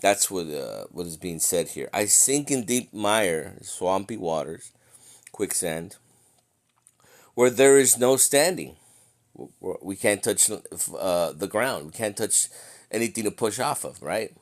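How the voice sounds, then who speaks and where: A man teaching scripture in an informal, conversational way, slowing down to read verses aloud and often checking in with his listeners. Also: low-pitched, lively intonation. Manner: conversational, checks in with "okay?" and "right?". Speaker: bible teacher.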